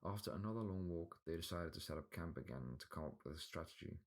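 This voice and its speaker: A man narrating a fantasy audiobook in an even, plain reading style. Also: low-pitched, fast. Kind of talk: scripted storybook narration.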